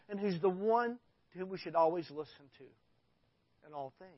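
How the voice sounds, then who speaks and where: A man's voice: high-pitched, expressive, normal speed, pauses often, no room sound, dull audio. A man preaching a sermon as a pastor, talking casually and reading scripture aloud with rising emphasis. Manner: conversational, reads scripture with emphasis.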